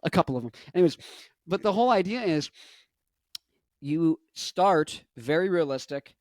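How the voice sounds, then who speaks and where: Yirmili yaşlarında bir adam, dolambaçlı ve hareketli bir şekilde sohbet ediyor; sesi ortalamadan biraz tiz. Kayıt kuru ve yankısız, sürekli "şey", "yani" gibi dolgu sözcükleriyle kendini düzeltiyor. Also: male voice, a little high, moderate pace, dry recording. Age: 20s. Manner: rambling, animated, many fillers and self-corrections. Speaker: musician and vlogger. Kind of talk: casual rambling chat.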